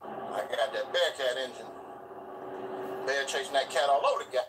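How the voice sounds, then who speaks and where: A man's voice: mid-range voice, normal speed, distant mic, noisy background. Profane ranting man streaming from his car. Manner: loud, profane, animated ranting with yelling bursts. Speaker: commentary streamer. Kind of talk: ranting live stream commentary. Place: driving in a vehicle. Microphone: phone in hand.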